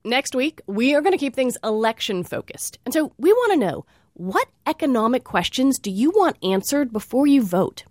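A woman's voice: high voice, big pitch swings, normal speed, darkish tone, no echo. A woman hosting a radio interview show in a studio, friendly and lightly teasing with her callers.

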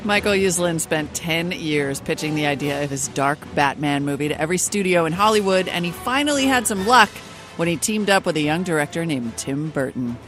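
A radio host delivering scripted narration in a smooth, measured way. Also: medium pitch, animated, music in the background.

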